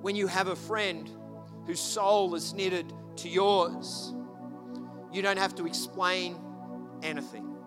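A man preaching a sermon, telling a story with lively, animated delivery and shouting at the peaks. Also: high voice, slow. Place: church hall. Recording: long hall reverb, faint music behind.

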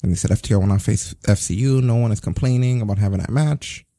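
A man hosting a casual wrestling news chat, sarcastic and animated, swearing as he rants. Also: on the low side, quick pace, no echo, studio quality. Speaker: podcast host.

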